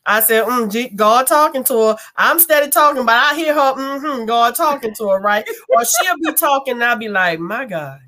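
Woman cohost, high voice, preachy faith chat w/ viewers. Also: animated, moderate pace, few pauses, sharp tone. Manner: preachy, addresses viewers directly. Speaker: co-host. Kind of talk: faith talk show chat.

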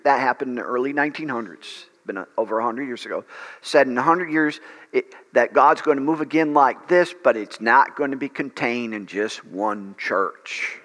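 A male pastor preaches and prays with fervent energy, stumbling now and then over his words. His voice is bright and forceful, and it carries a long reverb through a large hall. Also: mid-range voice. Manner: fervent preaching with frequent fillers and restarts. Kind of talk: sermon and prayer.

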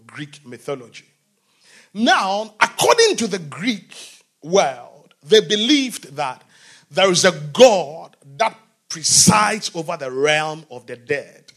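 A man preaching a sermon, often asking the congregation questions and swinging between shouting and quiet talk. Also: a little high, sing-song, slow pace.

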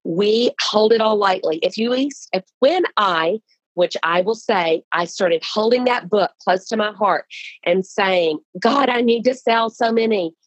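In an unhurried mid-range voice, an author guest tells a casual story about writing and publishing her book. She's earnest and animated, frequently starting sentences over. The audio is dry and poor in quality.

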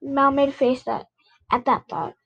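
A woman's voice: sits high, steady tone, normal speed, creaky, a bit bright, dull audio. A woman reading a children's novel aloud, with slips and rereads as she goes. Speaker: reader.

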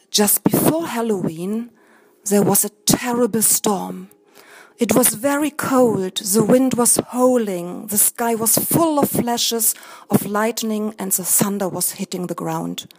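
A woman reading a fairy tale aloud in a slow, careful storytelling manner. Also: medium pitch, a little mellow, breathy edge, poor audio. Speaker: narrator.

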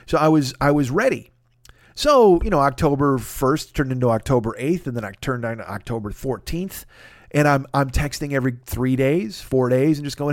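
A man telling a story in a casual monologue, animated and profane, often acting out the dialogue. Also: mid-range voice, moderate pace, no echo, studio quality. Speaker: podcast host.

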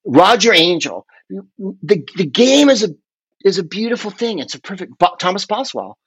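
A man telling long, rambling, animated stories in casual chat as a podcast guest, often swearing along the way. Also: high voice, normal speed, slightly rough, no room sound, muffled recording. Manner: rambling, animated, profane storyteller.

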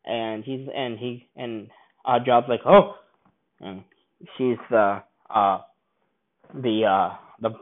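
A man's voice: medium pitch, fairly even intonation, takes it slowly. A man casually reviewing a film, rambling and enthusiastic, often restarting his sentences. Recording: tinny phone-like sound.

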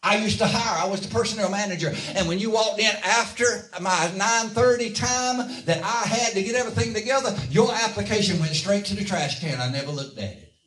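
A man's voice: high-pitched, a little fast, fairly bright tone. A male preacher delivering a sermon and calling out for amens from the congregation, recorded from a distance in a church. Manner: call-and-response preaching, asks the congregation for amens. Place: church sanctuary. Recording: echoey church, voice from far off.

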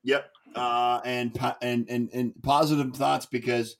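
A man hosting a casual sports podcast, animated and tripping over his own words. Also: medium pitch, measured pace. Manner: animated, repeats words when excited. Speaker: podcast host.

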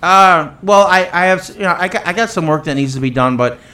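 A man's voice: fast talker, bright, forceful tone. A man co-hosting a podcast in casual chat, telling stories in a rambling way with lots of fillers and restarts, getting exasperated. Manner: exasperated, jumps up in pitch when worked up. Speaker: podcast co-host.

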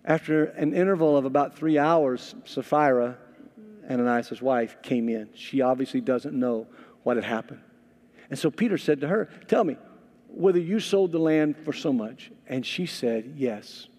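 A man preaching a sermon as a pastor, telling stories with animated, lively acted-out dialogue. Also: medium pitch, creaky, big-room sound. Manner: animated storytelling, acting out quoted voices. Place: church sanctuary.

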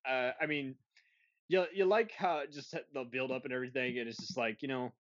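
A man's voice: mid-range voice, fairly quick, fairly bright tone, no echo. A man hosting a casual film review podcast, rambling and restarting his sentences with frequent laughs. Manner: rambling, self-interrupting, laughs often. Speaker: podcast host. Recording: dull lo-fi dry sound.

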